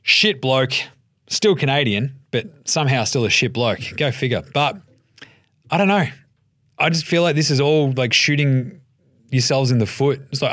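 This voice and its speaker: An Australian man hosting a solo sports podcast, swearing freely and joking, acting out other people's lines in quick put-on voices. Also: mid-range voice, expressive, fairly bright tone, dry recording, studio quality. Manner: profane, jokey, acts out quoted voices. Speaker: podcast host.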